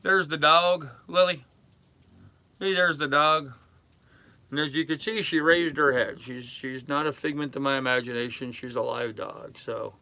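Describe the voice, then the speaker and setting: An older man live-streaming from his sailboat in a harbor, chatting casually with his chat in a relaxed, rambling way full of fillers. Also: a little high, a little slow, no room sound. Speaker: sailing vlogger reading live chat.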